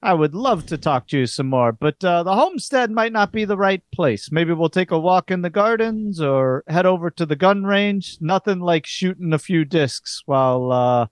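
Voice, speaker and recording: A man's voice: high voice, lively intonation, normal speed, few pauses, clean tone, no echo, studio quality, pitched above the performer's own voice. A man voicing a gregarious, folksy park host who speaks in a genial frontier drawl.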